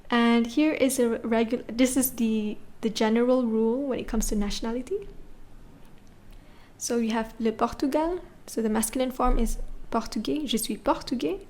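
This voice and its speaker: A woman with a fairly high voice gives a recorded language lesson. She talks patiently and repeats each word slowly so learners can follow. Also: dark tone. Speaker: French teacher.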